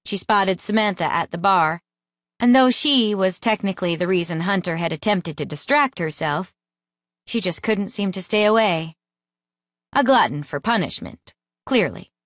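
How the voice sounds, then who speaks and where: A woman narrating an audiobook in a lively, expressive reading voice, close to the mic. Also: medium pitch, normal speed, no room sound. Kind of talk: scripted narration.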